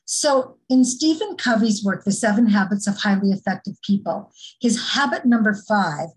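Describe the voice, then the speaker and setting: Female workshop presenter, mid-pitched, calm earnest explainer with frequent fillers. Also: moderate pace, rough recording. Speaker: former teacher. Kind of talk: parent workshop talk.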